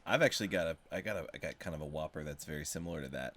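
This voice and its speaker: Very deep-voiced man telling a rambling story. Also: rapid-fire. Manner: rambling, animated, profane storytelling. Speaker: podcast participant, musician. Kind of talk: casual chat.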